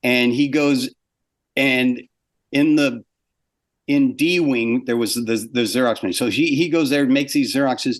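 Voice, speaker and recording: Older man, interview guest, animated storyteller, acts out quotes. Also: mid-range voice, unhurried.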